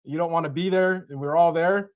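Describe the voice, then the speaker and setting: A man coaches a cold caller in a relaxed, animated way, now and then acting out both sides of a call. His voice sits fairly high. It comes through a dull, lo-fi video call connection. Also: a little fast. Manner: animated, acts out caller and seller lines.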